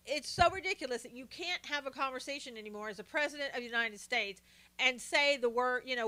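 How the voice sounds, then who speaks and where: Chatty older woman livestreaming, bright and high. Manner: chatty, greets viewers by name while talking. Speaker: live stream host. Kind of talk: casual political commentary livestream.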